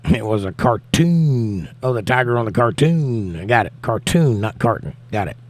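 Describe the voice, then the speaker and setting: A man's voice: lowish voice, expressive, normal speed. Brief: American male streamer, laid-back chat, reads comments in a sing-song lift. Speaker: livestream host. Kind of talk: casual chat reading viewer comments.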